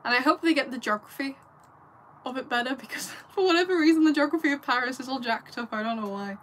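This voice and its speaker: A woman's voice: high-pitched, quick pace, fairly bright tone, slight background noise. A young English woman from the north of England, chatting casually on a livestream, giggly and rambling as she answers viewers at home.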